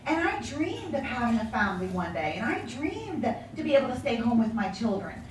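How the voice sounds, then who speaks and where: A woman sales director telling her story in a motivational speech, animated and acting out the voices of people she quotes. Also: fairly high pitch, normal speed, slight background noise. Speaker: sales director giving a talk. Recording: echoey room from far off.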